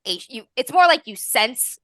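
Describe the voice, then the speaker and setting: A woman running a tabletop game as game master, narrating scenes in a descriptive way. Her voice is bright and a little high, recorded dry and close. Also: sing-song, moderate pace, no echo. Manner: descriptive, laughs often.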